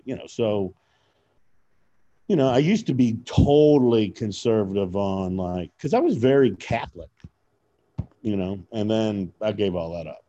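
A man from Kentucky chatting casually, a loud and animated storyteller who acts out voices in his anecdotes. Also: lowish voice, a little slow, highs cut off. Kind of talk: casual chat. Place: lives in California.

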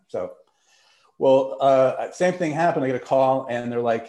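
A man spinning loose, rambling stories in a relaxed conversation, slipping into the voices of the people in them. His voice rings with a noticeable room echo. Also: mid-range voice, normal speed. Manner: rambling anecdotes with quoted voices and laughter. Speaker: podcast guest, TV writer and showrunner. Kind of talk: casual storytelling chat. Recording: roomy echo.

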